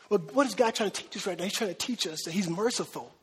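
A man's voice: sits high, fast talker, a bit bright, slightly rough, long reverb tail. A man preaching a conversational sermon in a church, full of rhetorical questions to the congregation. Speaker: pastor. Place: church sanctuary.

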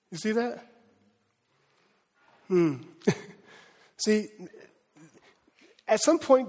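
Laughing frequently, a man preaches an animated sermon in a conversational style. A lengthy reverb carries his high-pitched voice through the sanctuary.

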